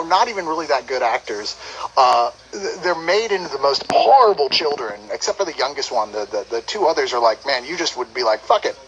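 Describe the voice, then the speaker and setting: A man's voice: a little high, a bit bright, low-quality recording. A man co-hosting a casual movie review podcast, rambling and laughing often as he retells the plot.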